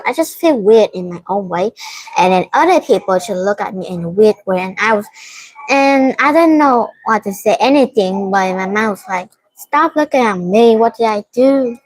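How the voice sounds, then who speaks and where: Young woman, Vietnamese accent, English student, halting and hesitant, practicing conversation online. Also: medium pitch, expressive, rough recording.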